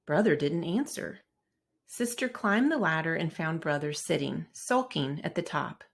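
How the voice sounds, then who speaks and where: A woman's voice: low voice, expressive, a little slow, gravelly. A woman reading a children's picture book aloud, narrating expressively and voicing the characters. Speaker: storybook read-aloud narrator.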